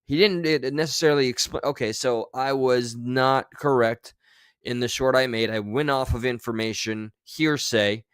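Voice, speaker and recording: A man's voice: mid-range voice, normal speed, smooth, no room sound. A man streaming, giving casual, sarcastic and rambling commentary on clips.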